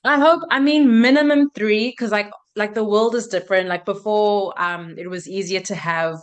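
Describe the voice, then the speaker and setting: A young woman from South Africa, appearing as a guest, chats in a relaxed interview. Her voice sits at a middle pitch. She talks chattily and fills her sentences with "like". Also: normal speed. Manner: chatty, uses "like" a lot. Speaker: actress, guest. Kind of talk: casual interview chat.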